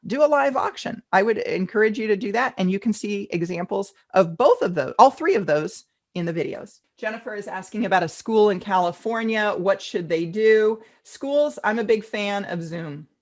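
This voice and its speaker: Middle-aged woman consultant, chatty and upbeat, answering questions in a live online class. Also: medium pitch. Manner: chatty and enthusiastic, reads out attendee questions and answers them. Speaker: fundraising event consultant teaching a class.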